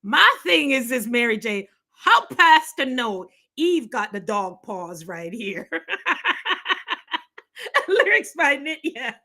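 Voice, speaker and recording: Laughing Caribbean woman with a bright voice. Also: fairly high pitch, takes it slowly. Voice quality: laughs often, animated. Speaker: live stream host. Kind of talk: casual chat.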